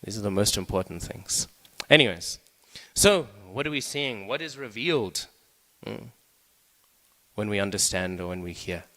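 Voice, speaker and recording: A man's voice: fairly low pitch, expressive, normal speed, sharp tone. Man in a reverberant temple hall. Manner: conversational, often asks "right?" to the listeners. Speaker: speaker giving a scripture class. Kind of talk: scripture class talk.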